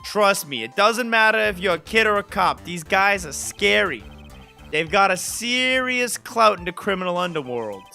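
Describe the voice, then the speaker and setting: A man doing a gruff streetwise cop. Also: sits high, lively intonation, normal speed, sharp tone, faint music behind, voice pushed up, full character voice. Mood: gruff warning. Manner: blunt, folksy, calls people pal. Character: gruff streetwise male police detective.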